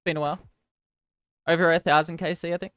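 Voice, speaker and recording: A woman's voice: fairly low pitch, level tone, quick pace, fairly bright tone. An Australian woman streaming live, rambling casually and mocking herself as she answers her chat. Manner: rambling, self-mocking, answers viewers' chat between game moments.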